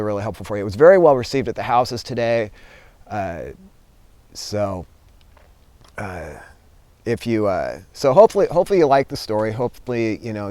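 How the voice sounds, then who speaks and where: A man tells a story in a relaxed, casual way, often saying "you know." His voice is smooth and mid-pitched, and the recording is close and dry. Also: no echo. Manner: relaxed, many fillers. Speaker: vlogger and teacher.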